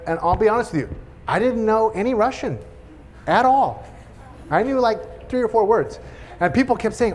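Middle-aged male speaker, animated storytelling testimony, slightly high voice, faint hiss behind. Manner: animated storytelling, laughs at own jokes. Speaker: church speaker sharing testimony. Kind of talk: sermon-style testimony.

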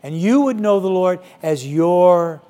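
Middle-aged male preacher, slightly high voice, relaxed sermon delivery with lots of fillers. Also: measured pace. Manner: conversational, many "you know" fillers. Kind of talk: sermon to young people.

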